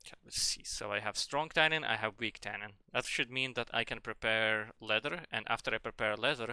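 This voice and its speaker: A man from Russia with a mixed Russian, French and English accent, chatting playfully while streaming a game, rambling with bursts of excitement. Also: medium pitch, clear, resonant tone, no echo. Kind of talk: casual gameplay commentary.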